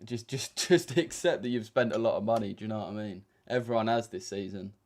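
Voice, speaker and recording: A man's voice: on the low side, fairly quick, gravelly, a little mellow. Laid-back young man, slangy. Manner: laid-back slangy banter with frequent fillers. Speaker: trading streamer. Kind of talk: casual livestream chat.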